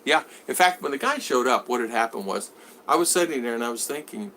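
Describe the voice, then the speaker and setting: A man's voice: medium pitch, expressive, a little fast, pushed and bright, slight background noise. A man hosting a casual livestream from home, reading viewer comments aloud and answering them in a rambling way, with many restarts. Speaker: vlogger reading live chat.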